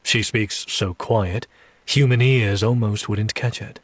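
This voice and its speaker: A man narrating a dark romance audiobook, reading slowly and seductively and voicing a demon in first person. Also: fairly low pitch, fairly even intonation, no room sound.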